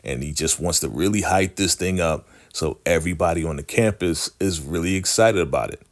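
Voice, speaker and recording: A man casually recapping a TV episode, chatty and animated, with slang. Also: low-pitched, a little fast. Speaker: TV show recapper.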